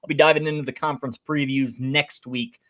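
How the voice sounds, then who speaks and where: A man's voice: mid-range voice, steady tone, a little fast, a bit bright. A man hosting a sports betting show, chatty and upbeat as he runs through picks for viewers. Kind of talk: casual sports betting talk.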